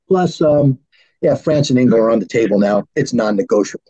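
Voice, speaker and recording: A man's voice: mid-range voice, expressive, brisk, warm tone, breathy edge, muffled recording. A man speaking as an arms control expert, talking heatedly and acting out quoted exchanges between negotiators. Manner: acts out both sides in mock dialogue. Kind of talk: animated political discussion.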